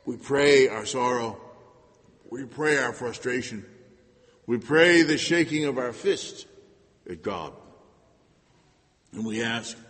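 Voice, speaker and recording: A man preaching a sermon in an earnest way, moving between loud emphasis and hushed asides. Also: mid-range voice, slow pace, long pauses. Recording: long hall reverb.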